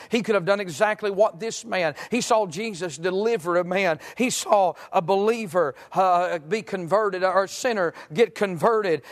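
A man preaching a sermon, making fervent, pleading appeals to his listeners. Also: high voice.

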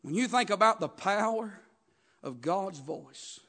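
Preacher guy, really high voice, keeps saying uh and amen, gets shouty. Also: expressive, unhurried. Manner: rhythmic preaching with frequent "uh" and "Amen?" call-outs, rising to shouts. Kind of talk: sermon.

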